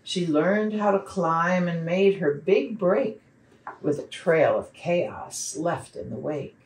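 Expressive woman reading aloud slowly. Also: fairly low pitch. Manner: slow, expressive read-aloud delivery. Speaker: children's program facilitator. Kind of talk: reading poems and a picture book aloud. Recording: roomy sound from a distant mic.

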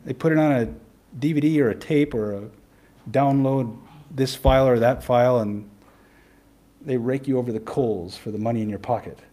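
Husky-voiced man preaching a sermon. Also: medium pitch, mellow. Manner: earnest preaching, slows down to stress key points; asks rhetorical questions to the congregation. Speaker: pastor.

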